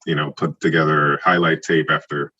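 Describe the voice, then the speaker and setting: A man in his forties from Trinidad, telling stories in a casual podcast interview, animated and acting out quoted dialogue. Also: extremely low pitch, moderate pace, muffled recording. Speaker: guest, former football player.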